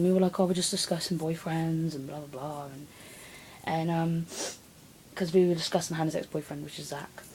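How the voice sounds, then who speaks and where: A teenage girl rambles through a personal story in a casual vlog, animatedly acting out what people said. Her voice sits on the low side, and the poor audio carries a little hiss or hum.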